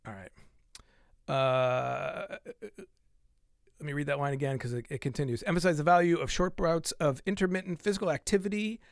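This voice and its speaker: Lively man hosting a fitness podcast. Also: a little high, dry recording, clean studio sound. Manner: animated, repeats and stresses key lines. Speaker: podcast host. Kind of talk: casual explainer reading from a study.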